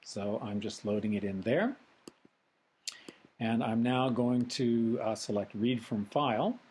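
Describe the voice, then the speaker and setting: A man teaching a recorded software tutorial lecture, methodical and explanatory with frequent ums. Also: mid-range voice, measured pace, slight background noise, low-quality recording. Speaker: instructor.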